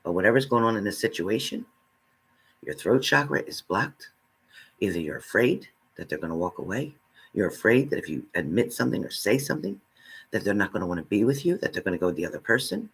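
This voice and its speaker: A man's voice: fairly low pitch, very animated, brisk, fairly bright tone, husky. A man giving a spiritual reading, speaking earnestly and straight to the listener, repeating his phrases. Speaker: spiritual reader.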